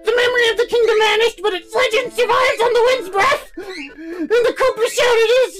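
A woman playing a tiny mushroom retainer who reads a game intro in a squeaky, strained voice, with faint music behind. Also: normal speed. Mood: frantic. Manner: strained, shouting narration. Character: small squeaky male mushroom retainer, frantic. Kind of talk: reading game intros in character.

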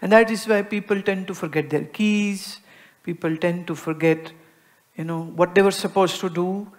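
An Indian-accented woman delivering a spiritual discourse to an audience. She speaks with lively expression, dropping to a soft hush and then rising to emphasis as she explains, often acting out little everyday exchanges. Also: fairly low pitch, moderate pace. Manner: expressive, acts out everyday dialogues, swings between soft and emphatic. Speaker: spiritual teacher.

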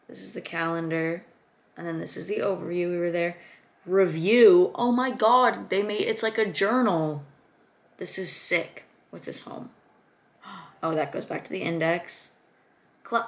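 Young adult woman vlogger, low-ish voice, bubbly excited casual chatter full of gasps. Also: vocal fry. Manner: excited, gushing, lots of gasps and fillers. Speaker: student vlogger. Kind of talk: casual chat.

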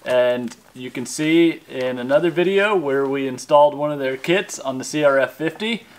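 A man in his thirties hosting a casual product vlog, explaining things in a relaxed, friendly way to his kids and viewers. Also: medium pitch, normal speed. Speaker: YouTube channel host and dad.

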